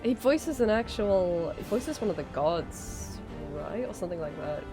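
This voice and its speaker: A woman streams while she is sick, and her throat sounds strained. She rambles in a slow, casual way and laughs easily. Clear music plays behind her voice. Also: medium pitch, animated. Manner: giggly, rambling, easily amused. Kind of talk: casual live-stream chat.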